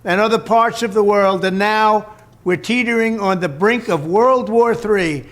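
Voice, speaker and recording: A politician making a recorded public statement in a boastful, declaring manner. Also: male voice, high voice, a little slow, fairly bright tone.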